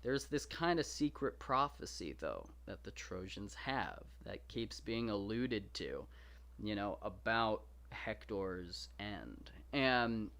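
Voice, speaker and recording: A man's voice: on the low side, slow. A young man hosting a show, casually and playfully retelling and commenting on an ancient epic, slipping into slangy voices for the characters. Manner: animated, jokey, paraphrases characters in slangy quoted voices. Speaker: podcast host reading and discussing a classic epic.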